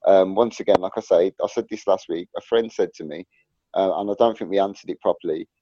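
A man's voice: low-pitched, warm tone, dry recording. A man hosting a casual discussion, thinking aloud in a rambling way. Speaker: podcast host. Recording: dull lo-fi audio.

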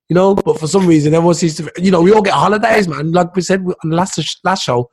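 Husky-voiced young man chatting. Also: high-pitched, quick pace, few pauses. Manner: says dude and man a lot, opinionated. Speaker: podcast host. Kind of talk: casual chat.

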